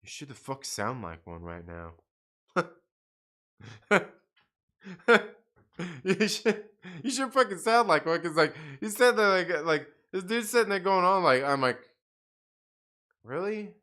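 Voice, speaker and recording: A male livestream host with a high-pitched, sharp, clear and resonant voice swings his pitch widely while speaking unhurriedly with long pauses. Casual and profane, he laughs and rants at chat comments, repeating himself a lot.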